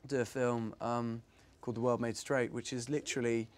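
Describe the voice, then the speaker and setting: A young English man talks in a loose, rambling way as an interview guest and laughs often. His voice sits at an ordinary middle pitch. It is a relaxed, unscripted chat. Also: moderate pace. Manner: chatty, rambling, laughs easily. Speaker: actor guest. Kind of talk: casual interview.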